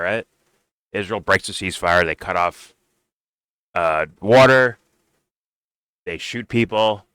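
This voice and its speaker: Male commentator, profane and heated; low, clean, dry close sound. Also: bright, forceful tone, smooth, no room sound, poor audio. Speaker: political commentator. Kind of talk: casual reaction commentary.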